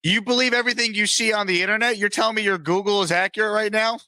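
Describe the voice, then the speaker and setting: Bright-voiced playful sports show host. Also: male voice, sits high, steady tone, no room sound. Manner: playful, teasing, quick banter. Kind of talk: comedic sports talk show.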